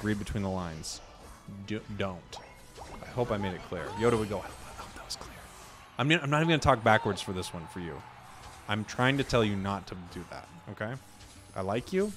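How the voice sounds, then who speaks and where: A man's voice: on the low side, fairly quick, faint music behind. A man giving casual, joking commentary while playing a video game, ranting at teammates. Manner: joking, animated, rants at teammates. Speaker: gaming streamer.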